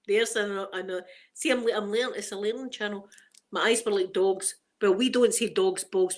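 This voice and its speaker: A woman's voice: medium pitch, fairly even intonation, moderate pace. A middle-aged woman with a Glaswegian Scottish accent, hosting a casual ASMR chat and rambling through stories full of local slang. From Scotland. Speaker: ASMR channel host.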